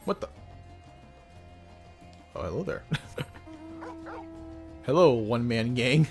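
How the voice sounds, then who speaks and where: A man's voice: mid-range voice, lively intonation, measured pace, faint music behind. A young man streaming a game, joking and laughing in slangy, casual commentary.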